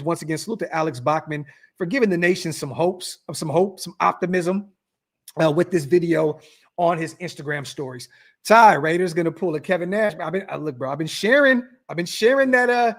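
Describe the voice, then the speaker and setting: A man hosting a casual sports podcast, talking animatedly to his viewers, often repeating himself and restarting phrases. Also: sits high. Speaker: podcast host.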